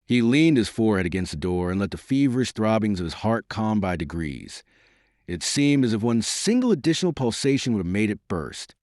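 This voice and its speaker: A man reads a classic novel aloud as an audiobook narrator, with a measured, dramatic delivery. His voice is low, yet his intonation rises and falls with lively range. The sound is dry and close, without room echo. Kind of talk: scripted narration.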